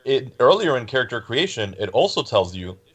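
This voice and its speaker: A man's voice: mid-range voice, big pitch swings, a little fast, a bit bright, husky. A man playing in a tabletop game, explaining the rules in a matter-of-fact way. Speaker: player. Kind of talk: casual tabletop game chat.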